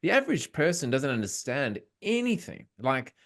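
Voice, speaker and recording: A man's voice: medium pitch, very animated, moderate pace. A man hosting a podcast, talking casually and enthusiastically over a video call, now and then swearing. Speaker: podcast host.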